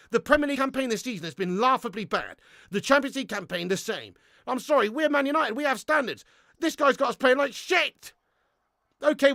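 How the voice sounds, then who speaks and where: A young man hosting a live football watch-along, excitable and sweary, ranting and chatting with his viewers. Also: very high-pitched, dry recording, clean studio sound. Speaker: host of a fan watch-along stream.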